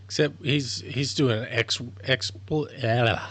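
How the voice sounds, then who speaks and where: Slow, tired man streaming casually. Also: medium pitch, steady tone, fairly bright tone, no room sound. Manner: rambling, swears freely. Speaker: streamer learning a language. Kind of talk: casual live-stream talk.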